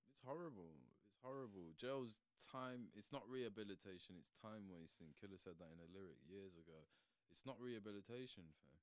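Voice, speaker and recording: A man's voice: lowish voice, fairly quick, few pauses, no room sound. A young man, telling stories in casual chat and acting out what people said, full of slang. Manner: animated storytelling with slang, acting out quotes.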